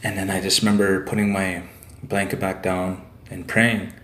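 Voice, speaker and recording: A podcast guest from Saskatchewan loosely tells a story, tagging sentences with "eh" and "like," at a normal speed. His low, fairly bright voice shows little pitch movement, and the roomy-echo recording has a little hiss or hum.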